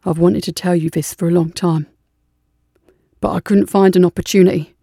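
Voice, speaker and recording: A woman's voice: fairly low pitch, steady tone, normal speed, gravelly, mellow, husky, no echo, clean studio sound. A woman voicing a nihilistic male scout captain who talks with intense, urgent persuasion. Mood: confiding.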